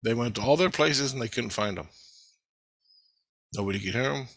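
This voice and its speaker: Man, profane, rambling storyteller; bright, tense voice, dry recording. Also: medium pitch, moderate pace, no room sound. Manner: heavy swearing, rambling storytelling. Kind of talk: casual monologue video.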